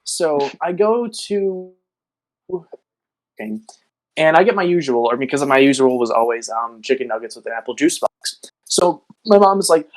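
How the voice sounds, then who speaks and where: A young man telling a story on a casual podcast, building deadpan to the punchline. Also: fairly high pitch, moderate pace, poor audio. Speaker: podcast co-host.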